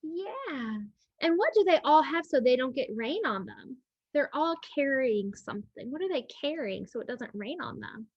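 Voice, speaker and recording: In a dry, lo-fi recording, a high-pitched woman librarian leads a children's storytime. She reads a picture book slowly and with animation, pausing to ask the kids questions.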